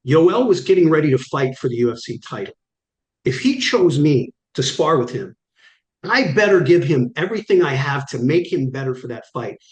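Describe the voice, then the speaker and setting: His fairly high voice has a sing-song quality and a moderate pace as this middle-aged man, a guest on an interview show, energetically recounts stories and acts out the dialogue. The room is echoey.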